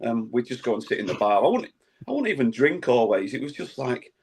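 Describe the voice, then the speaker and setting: A man hosting a casual football podcast, reading out listener comments with dry, relaxed asides. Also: mid-range voice, brisk, slight background noise. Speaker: podcast host.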